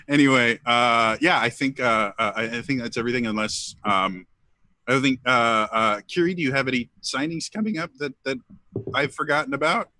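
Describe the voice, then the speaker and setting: A man hosting a live tabletop role-play stream as game master, chatting casually with hesitant pauses and frequent laughter. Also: medium pitch, sharp tone, dry recording.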